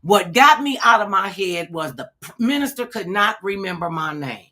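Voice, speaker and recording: An older woman hosting a talk show, telling a long story in a casual, animated way and acting out the quotes. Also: mid-range voice, moderate pace.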